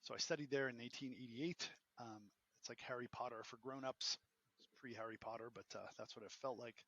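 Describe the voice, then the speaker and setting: A man in his fifties with a Boston accent, a podcast guest telling stories in a joking, animated way. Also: medium pitch, brisk, no echo, muffled recording. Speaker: podcast guest, entrepreneur and professor. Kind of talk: casual interview storytelling.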